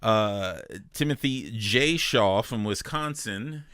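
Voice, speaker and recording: Low-voiced man, dry and lively. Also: slow pace, smooth, no echo. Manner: jokey, rambling tangents. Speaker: podcast host. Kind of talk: casual podcast chat.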